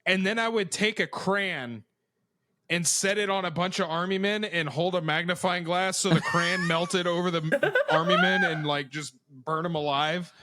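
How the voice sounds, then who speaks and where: A man's voice: sits high, normal speed, slight background noise. A young man co-hosting a podcast, telling childhood stories in casual chat, swearing freely and acting out the voices in them. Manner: animated, swearing, acts out voices in his stories. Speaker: podcast co-host.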